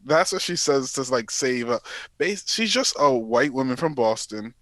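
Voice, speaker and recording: A man co-hosting a casual podcast, telling stories with lively acted-out quotes. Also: mid-range voice, normal speed, dry recording. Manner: animated storytelling, acting out quotes. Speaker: podcast co-host. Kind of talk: casual chat.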